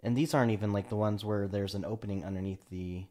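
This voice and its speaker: A man's voice: on the low side, steady tone, fast talker, a little mellow. Laid-back dry-voiced man. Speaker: podcast co-host. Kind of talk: casual podcast chat.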